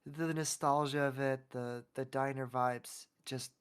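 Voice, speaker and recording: Male podcast guest from Oklahoma, mid-pitched voice; rambling, heartfelt storyteller. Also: fairly even intonation, a little slow, smooth. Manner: rambling, heartfelt, many restarts. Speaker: podcast guest, self-love coach. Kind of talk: emotional personal storytelling.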